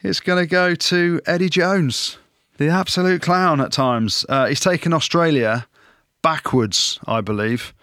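A man co-hosting a rugby podcast, talking in lively, jokey banter and handing out punchy verdicts. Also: on the high side, measured pace, dry recording, clean studio sound. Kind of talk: casual sports banter.

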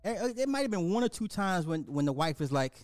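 Male film reviewer, emphatic and repetitive, slightly high pitch, dry close sound. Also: sing-song, fairly quick, darkish tone, dry recording, soft background music. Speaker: movie reviewer. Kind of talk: casual film recap.

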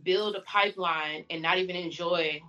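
A woman's voice: fairly low pitch, fairly even intonation, moderate pace, pushed and bright. A woman guest on a podcast interview, speaking candidly and chattily about herself. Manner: candid, chatty, self-reflective. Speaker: guest, fashion stylist. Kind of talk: casual interview chat. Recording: dull lo-fi sound, faint music.

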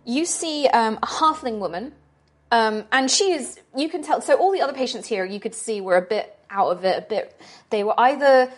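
A woman game master describing scenes in slow, dramatic narration for a tabletop game. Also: a little high, animated.

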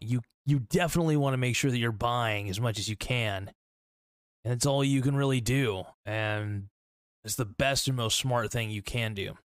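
A man hosts a casual solo podcast, rambling with many fillers and restarts. His mid-range voice is recorded with clean studio sound and no room sound.

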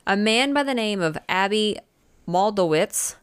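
A woman's voice: mid-range voice, lively intonation, a little slow, smooth. A woman with a Northern US accent, casually telling ghost stories on a podcast, swearing often and trailing off mid-sentence. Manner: chatty storyteller, swears often, trails off and restarts. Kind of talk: casual chat.

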